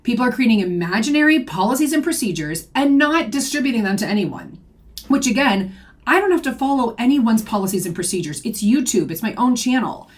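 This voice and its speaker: A woman's voice: on the high side, very animated, brisk. A young woman giving indignant reaction commentary on her channel, firing off rhetorical questions. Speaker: YouTube commentator.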